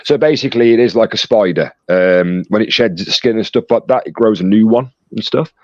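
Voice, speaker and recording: A man's voice: fairly low pitch, fairly quick, darkish tone. A man acting as chat moderator, reading out live stream messages and bantering jokily with viewers. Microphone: phone call. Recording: dry, dull lo-fi sound.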